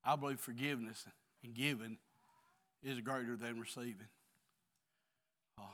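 In a church, a middle-aged pastor preaches earnestly and confessionally, his mid-range voice alternating between hushed stretches and loud stretches.

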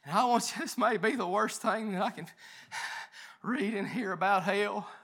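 A man preaching a sermon with passion, dropping to hushed tones and rising to shouts, his voice straining. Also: high voice, normal speed, slightly rough. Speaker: pastor.

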